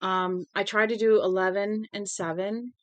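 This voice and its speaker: Her delivery flat and her pace moderate, a medium-pitched woman chats with viewers after a book reading on her livestream, with no room sound. She's tired and yawning, friendly and rambling, filling gaps with many "um"s.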